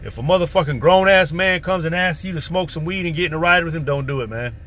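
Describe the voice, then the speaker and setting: A man's voice: on the high side, fast, sharp tone. A man casually telling a story from his past, in a profane, streetwise, rambling way. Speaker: vlogger. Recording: faint background noise.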